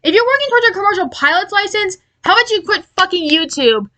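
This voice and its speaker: A woman giving an angry, profane commentary rant, exasperated and halting with many restarts. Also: very high voice, expressive, sharp tone. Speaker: aviation commentary YouTuber.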